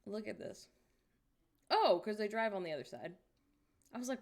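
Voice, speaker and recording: A woman on a casual stream, talking half to herself as she browses and tossing out wry remarks about whatever pops up. Her pitch swings freely, with a middling voice that rises and falls all over the place. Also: animated, brisk, long pauses. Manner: chatty, wry, reacts out loud to what she sees. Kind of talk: casual chat while browsing online.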